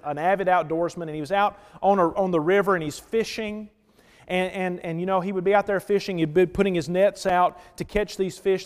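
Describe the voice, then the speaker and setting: A man preaching a sermon as pastor, telling stories and swinging between loud emphatic lines and hushed ones. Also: high-pitched, long reverb tail.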